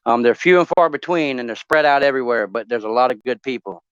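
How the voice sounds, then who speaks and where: A man's voice: medium pitch, quick pace, smooth, no echo, muffled recording. A man talking casually on a live stream, rambling and swearing, with many ums and restarts as he talks openly about his family. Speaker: talk show guest.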